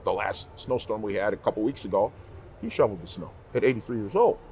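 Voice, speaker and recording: Deep-voiced man telling stories animatedly. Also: fast talker, a little hiss or hum. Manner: animated storyteller, repeats phrases for emphasis. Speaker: interview guest, professional singer. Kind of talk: casual heartfelt conversation.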